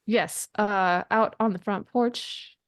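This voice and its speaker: A woman's voice: medium pitch, steady tone, takes it slowly, dry recording, clean studio sound. A woman playing a tabletop game, chatting casually and describing her character's actions. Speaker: player. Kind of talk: casual chat and in-character play.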